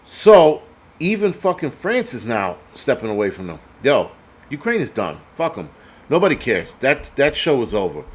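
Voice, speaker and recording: A man's voice: medium pitch, sing-song, moderate pace, slightly rough. Crude ranting male prepper host. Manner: reads donor names aloud. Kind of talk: profane live-stream commentary.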